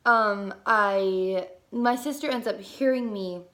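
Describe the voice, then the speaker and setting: A young woman casually telling a personal story as a mother, lively, with many fillers and casual swearing. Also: medium pitch, slow.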